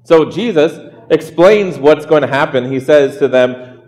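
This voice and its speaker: A man's voice: a little high, measured pace, few pauses, darkish tone. Man preaching in a reverberant hall. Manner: chatty, asks rhetorical questions. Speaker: pastor. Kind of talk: conversational sermon.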